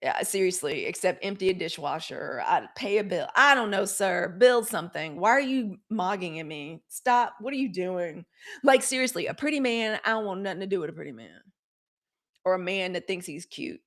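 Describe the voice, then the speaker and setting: Blunt, animated Gen X woman host. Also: lowish voice, moderate pace. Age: 40s or 50s. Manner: candid, profane, animated storytelling with mock quotes. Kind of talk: live news commentary show.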